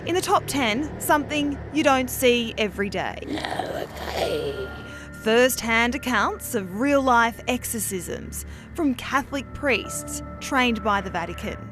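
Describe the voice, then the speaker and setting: A woman's voice: a little high, lively intonation, slow. Female current-affairs narrator, wry, over a music bed. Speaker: news narrator. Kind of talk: scripted narration.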